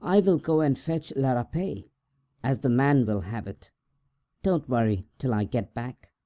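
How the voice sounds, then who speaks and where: A man's voice: mid-range voice, sing-song, normal speed, dark tone. A man voicing a tall, thin, hesitant and stingy peasant in a storybook reading, in a plain, slightly raised voice.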